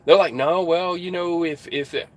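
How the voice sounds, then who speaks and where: A man, a truck driver, telling a story in casual, excitable vlog style from his truck cab and acting out the dialogue. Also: moderate pace. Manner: excitable, acts out dialogue in a higher voice.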